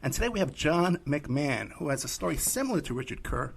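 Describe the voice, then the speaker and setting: A man hosting a podcast interview, chatty and relaxed, with frequent fillers. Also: fairly high pitch, brisk, gravelly, breathy edge. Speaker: podcast host and private investigator.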